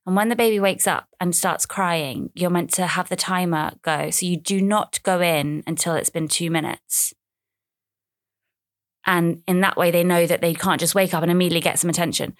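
A woman's voice: on the low side, fairly even intonation, moderate pace, dry recording, clean studio sound. A woman, talking casually and at length on her own podcast, rambling with self-mocking asides. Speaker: podcast host. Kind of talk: casual solo podcast chat.

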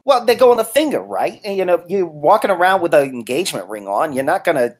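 A woman plays a naive young man looking for love, in a low, lively voice for a tabletop game. The speech is hesitant and full of ums and uhs. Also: quick pace. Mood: earnest.

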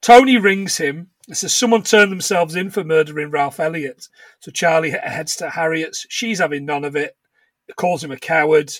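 A man's voice: fairly high pitch, moderate pace, no room sound. A man co-hosting a podcast, chatting casually and laughing often as he acts out bits of dialogue. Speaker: podcast co-host. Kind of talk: casual chat recapping a film.

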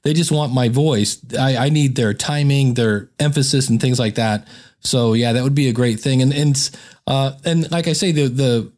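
A man with a mid-range voice chats casually as a podcast host, thinking out loud and restarting his sentences. His tone is relaxed and conversational, with an easy, friendly pace. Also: mid-range voice, moderate pace.

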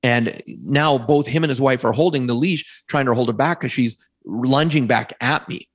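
A man in his fifties, a podcast guest, telling a personal story in a lively way and acting out the voices of the people in it. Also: medium pitch, normal speed, breathy edge. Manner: animated storyteller, acts out quoted voices.

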